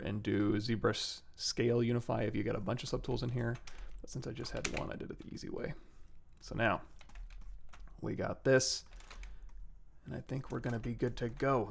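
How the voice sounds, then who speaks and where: A man with a gravelly edge to his mid-pitched voice walks through a software tutorial in a loose, chatty way, thinking aloud and correcting himself. He speaks into a desk mic, with typing and clicking behind him. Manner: relaxed, talks through steps while working, self-corrects. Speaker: 3D sculpting livestream host. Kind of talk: casual software tutorial narration.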